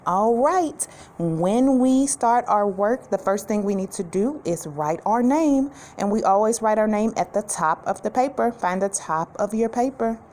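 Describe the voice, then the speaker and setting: A woman teacher giving a recorded lesson to young children, speaking clearly and patiently and drawing out letter sounds. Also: mid-range voice, lively intonation, a little slow, darkish tone.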